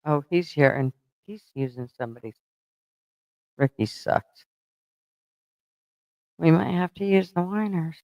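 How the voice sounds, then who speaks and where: Male livestream host, rambling and profane, smooth tone in a dead-dry space. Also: on the high side, animated, measured pace, pauses often, no echo, lo-fi sound. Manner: rambling, thinks aloud while fumbling with stream setup; blunt and profane, mock-scolding chat. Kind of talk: casual livestream chat.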